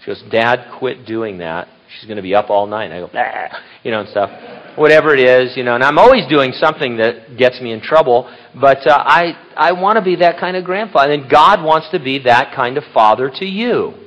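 Older guy preaching real casual, rambly asides, medium pitch, kinda dull lo-fi sound. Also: expressive, brisk, fairly bright tone. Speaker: pastor. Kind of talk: conversational sermon. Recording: dull lo-fi recording.

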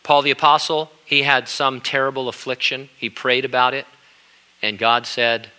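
An older pastor preaches in an earnest, conversational way, often restarting his sentences. His voice is strikingly bright and forward, and its pitch sits in an ordinary middle range. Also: normal speed. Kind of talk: sermon.

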